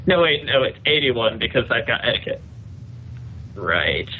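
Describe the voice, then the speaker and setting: A man's voice: medium pitch, very animated, measured pace, slight background noise. A man playing a tabletop game, casually thinking aloud over a tinny voice-chat line. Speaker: player.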